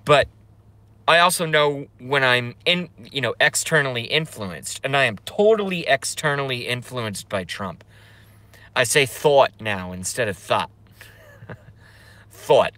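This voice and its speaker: Man, live-stream host, bright and forceful tone, dry close sound, rambling, profane, laughs a lot. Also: mid-range voice, expressive, dry recording. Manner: self-interrupting, drawn-out filler sounds. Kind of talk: casual live-stream chat, reading chat aloud.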